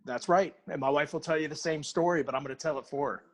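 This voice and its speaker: Animated middle-aged man telling a story. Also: on the high side, fast. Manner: animated, acts out both sides of a story. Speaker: guest barbecue cook. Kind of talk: casual storytelling.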